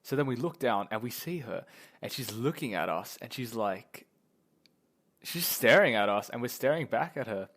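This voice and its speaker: A man's voice: mid-range voice, animated, normal speed, a bit bright. A young man telling a story casually, rambling and profane, with lots of fillers. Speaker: vlogger.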